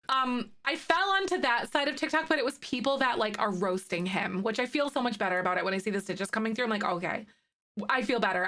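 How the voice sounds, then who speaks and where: Bright-voiced young woman streamer. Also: fairly high pitch. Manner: chatty, reacting to chat with laughs and fillers. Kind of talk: casual live-stream chat while playing.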